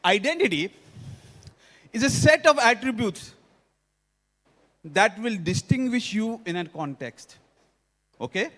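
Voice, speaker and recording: Indian man, conference speaker, high voice, keeps checking the crowd follows, hall reverb. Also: very animated, takes it slowly, long pauses, fairly bright tone. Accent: Indian English. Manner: engaging, quizzes the audience often. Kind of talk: technical conference talk.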